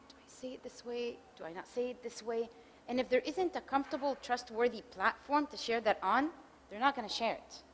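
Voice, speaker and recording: A middle-aged woman giving a conversational marriage workshop talk, acting out spouses' lines as quick examples. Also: on the high side. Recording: reverberant hall recording.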